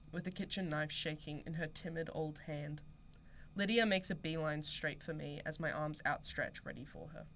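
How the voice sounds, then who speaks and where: A woman's voice: deep voice, a bit bright, a little hiss or hum. A young Australian woman hosting student radio, chatting casually and reading a story aloud. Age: young adult. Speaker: radio host.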